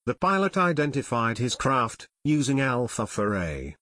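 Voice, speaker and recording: A man narrating a full-length audiobook in a steady storytelling manner. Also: medium pitch, moderate pace, few pauses, dry recording. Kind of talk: scripted narration.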